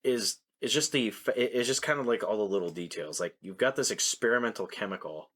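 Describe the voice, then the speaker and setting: Bright-voiced joking man. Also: fairly low pitch, fairly quick. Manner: joking, laughs, cuts in with punchlines. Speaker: podcast co-host. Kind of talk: casual movie review chat.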